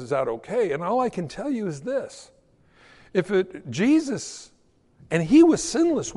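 Animated preacher with a high, lively voice. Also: male voice. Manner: storytelling with sudden swings in pitch and loudness. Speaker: pastor. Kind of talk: sermon. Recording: long hall reverb.

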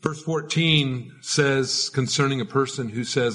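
A man's voice: medium pitch, a little slow, few pauses, pushed and bright. A man preaching a conversational sermon as a pastor, informal and prone to repeating words.

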